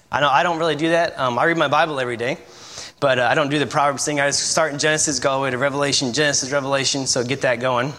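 The man's mid-range voice has a sharp tone. In his thirties and visiting as a missionary preacher, he gives a casual church sermon in the sanctuary, joking about himself, chatting and laughing, captured with church hall reverb and faint room noise.

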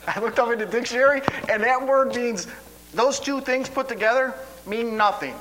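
A man delivering a sermon in a high, bright voice. He talks in a folksy, rambling way, repeating words as he restarts his sentences. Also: moderate pace, a little hiss or hum, rough recording. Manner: stammering restarts, folksy asides. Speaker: preacher.

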